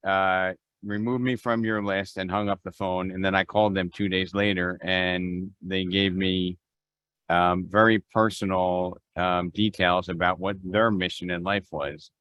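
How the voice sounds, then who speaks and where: A man's voice: low-pitched, level tone, unhurried, fairly bright tone, no echo, lo-fi sound. A man leading a real estate mastermind on a video call, talking conversationally with restarts and acted-out phone exchanges. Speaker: real estate team leader.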